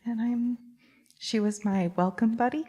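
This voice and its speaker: Young woman, rabbinical student, mellow subdued remembrance. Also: fairly high pitch, fairly even intonation, a little slow, husky, dull audio. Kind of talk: spoken remembrance.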